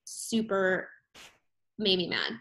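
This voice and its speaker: A young adult woman hosting a podcast, telling stories in a chatty, animated way. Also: mid-range voice, slow pace, creaky. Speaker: podcast host. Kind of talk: casual conversation.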